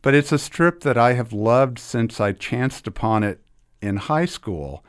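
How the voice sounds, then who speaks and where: A man's voice: mid-range voice, expressive, unhurried, clean tone. A middle-aged man talking enthusiastically about restoring old comics, with many restarts. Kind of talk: casual interview talk.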